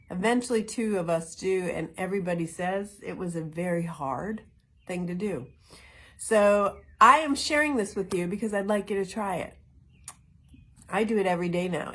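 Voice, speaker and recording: Woman, middle-aged, wellness vlog host, earnest and reflective, slightly low voice. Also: husky. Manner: earnest and reflective, with soft laughs. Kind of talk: casual spoken talk. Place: greenhouse.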